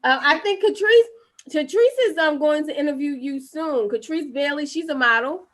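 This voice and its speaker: A woman's voice: high-pitched, moderate pace, a bit bright. A woman hosting a live-streamed talk show over a video call, chatty, restarting often and reading out viewer comments. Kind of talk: casual interview chat.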